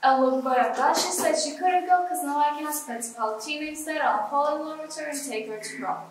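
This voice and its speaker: A woman's voice: high voice, fairly quick, a crowd in the background, natural voice. A young woman playing an exasperated teenage girl. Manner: exasperated, complaining. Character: weary sixteen-year-old girl, over childhood games. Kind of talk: stage drama acting. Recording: echoey hall from far off.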